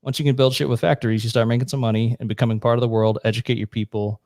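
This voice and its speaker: Male co-host, mid-pitched, blunt and profane, long casual explanations, dry close sound. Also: level tone, rapid-fire, darkish tone, no echo. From United States. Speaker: podcast co-host. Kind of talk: casual chat.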